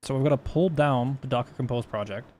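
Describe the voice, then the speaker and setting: A man's voice: medium pitch, quick pace, a little mellow. Rambling, profane male streamer. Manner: rambling, profane, frequent restarts. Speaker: livestreamer. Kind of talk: casual livestream chat while coding.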